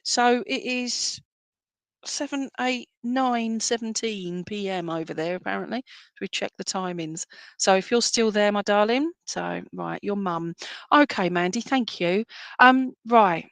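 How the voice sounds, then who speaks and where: A woman's voice: mid-range voice, unhurried, gravelly, a bit bright, no room sound. A woman acting as a medium at a live-streamed church service, talking in an affectionate, reassuring way and often checking "all right?" with her listeners. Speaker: medium giving spirit readings.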